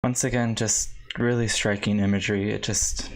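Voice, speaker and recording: A man chatting casually on a live stream as he reacts to an album, gushing and emotional, with quick laughs. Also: lowish voice, flat delivery. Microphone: headphones and laptop setup.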